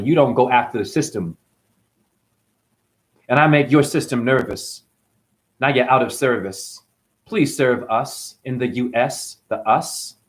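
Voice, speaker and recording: A man hosting his own channel, delivering a combative, mocking, profane rant to camera. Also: medium pitch. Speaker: channel host. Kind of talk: profane ranting monologue to camera.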